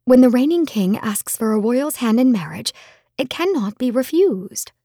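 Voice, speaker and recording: A woman voicing a gentle, resigned queen mother in an audiobook, speaking softly and soothingly. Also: fairly high pitch, lively intonation, moderate pace, dry recording, studio quality, pitched above the performer's own voice. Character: gentle, sorrowful queen mother, middle-aged. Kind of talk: audiobook reading.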